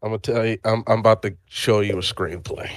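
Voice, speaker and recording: A man from Nigeria, co-hosting a casual chat, telling animated stories and laughing often. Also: lowish voice, fast talker, no echo, studio quality. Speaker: podcast co-host.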